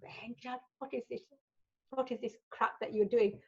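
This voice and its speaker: A strict older Indian mother scolds in a put-on Indian accent, as a woman imitates her. She sounds exasperated and fairly high, with a scolding edge. The audio is slightly muffled. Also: fairly even intonation, moderate pace, a crowd in the background, lightly acted.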